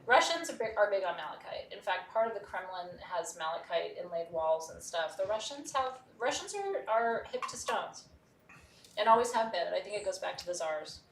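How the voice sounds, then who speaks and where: Effusive woman host, mid-pitch, chatty sales patter, heard from a distance in a roomy space. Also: expressive, moderate pace, a little hiss or hum. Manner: talkative, effusive, enthusiastic. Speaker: host of a live gemstone sales show. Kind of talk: chatty live sales presentation. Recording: roomy studio sound from a distance.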